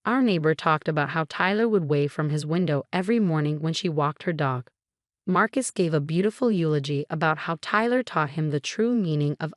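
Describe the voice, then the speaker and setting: A young woman narrating a first-person story in a calm, measured way. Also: deep voice, no echo, clean studio sound. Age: young adult.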